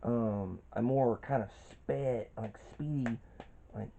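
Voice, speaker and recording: Gravelly, very dark-voiced young man. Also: medium pitch, slow pace, slight background noise. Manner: rambling, with frequent restarts and fillers. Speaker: cartoon reviewer. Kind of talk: casual spoken review. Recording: dull lo-fi recording.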